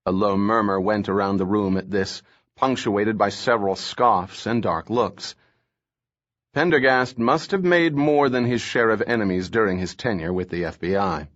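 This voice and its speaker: A man narrating a thriller audiobook in a steady, measured reading voice. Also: fairly low pitch, highs cut off.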